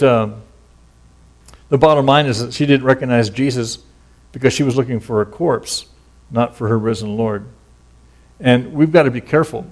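A middle-aged man, a pastor, giving a relaxed, conversational sermon full of folksy stories and casual asides. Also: medium pitch.

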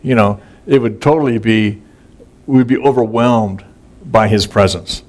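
This pastor's folksy, casual sermon of conversational Bible teaching is thick with fillers and repetition. He speaks a little slowly in a voice on the low side, with a darkish tone.

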